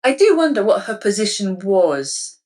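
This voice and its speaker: A woman's voice: mid-range voice, very animated, normal speed, a little mellow. A woman co-hosting a casual podcast discussion, chatty and enthusiastic with frequent filler words. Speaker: podcast co-host.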